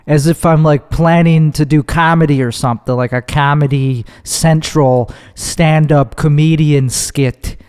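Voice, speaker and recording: A man's voice: a little high, a little mellow, clear, resonant tone, in a large hall. A man hosting his own podcast, delivering a rambling, profane, sardonic comedic monologue that keeps cutting itself off. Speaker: podcast host.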